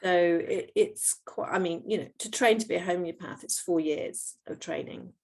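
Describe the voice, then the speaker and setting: A middle-aged woman talks through her work as a homeopath. Her voice sits fairly low and carries a gravelly edge. She explains patiently, pausing on "um" and "you know" and restarting phrases as she goes. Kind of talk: explaining in a podcast interview.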